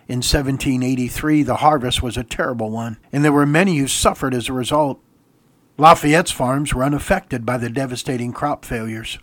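A man's voice: mid-range voice, no room sound. A man preaching a sermon, exhorting his listeners emphatically and laughing briefly at his own stories.

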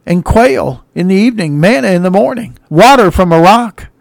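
A man preaching a sermon with emphatic delivery, swinging from quiet passages to loud shouts, and breaking into sung hymn lines. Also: sits high, lively intonation, normal speed, vocal fry, no echo, clean studio sound.

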